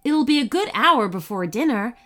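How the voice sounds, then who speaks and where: A warm, easygoing mother of two in a storybook reading, speaking gently and homely. Her voice is fairly high and lilts up and down, put on by a woman narrator. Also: big pitch swings, moderate pace. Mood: gentle.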